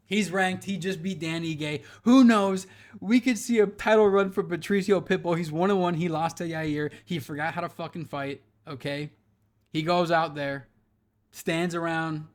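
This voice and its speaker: A young man giving brash, profane opinions on fighters in a casual chat, his voice swinging between loud bursts and quiet asides. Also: fairly high pitch. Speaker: MMA commentator.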